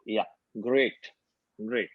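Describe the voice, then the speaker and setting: Man calmly guiding a group session. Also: lowish voice, no echo, phone-quality sound. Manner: calm instructive, repeats affirmations in a slow chant. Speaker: workshop facilitator. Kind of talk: guided group healing session.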